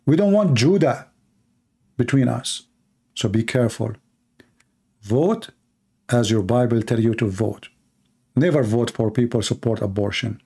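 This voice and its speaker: A man's voice: medium pitch, normal speed, pauses often, mellow, breathy edge. A man from the Middle East with an Arabic accent, preaching an emphatic sermon in short, repeated lines. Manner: emphatic, repetitive exhortation with short punchy lines. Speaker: Christian preacher. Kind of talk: fiery political sermon.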